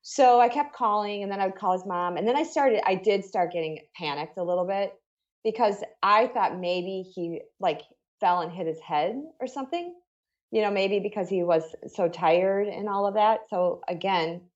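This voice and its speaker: Middle-aged woman telling her story in an interview, earnest and chatty, kinda low voice, slightly muffled audio. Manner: conversational and earnest, full of "you know" and "like". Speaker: guest.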